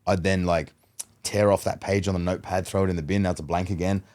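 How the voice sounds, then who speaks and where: A man, a mentalist guest on a podcast, chatting casually and telling animated stories that act out both sides of a conversation. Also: low voice, fast talker. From Australia. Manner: animated storyteller who acts out dialogue.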